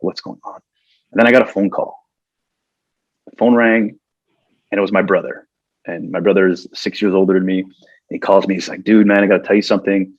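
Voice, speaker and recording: A lower-voiced man with a husky edge tells a personal story on a podcast, earnest and animated as he acts out his own past thoughts. The sound is dry and a little dull, with no room around it. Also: no echo. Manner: earnest, gets emotional telling the story. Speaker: podcast guest, corporate trainer.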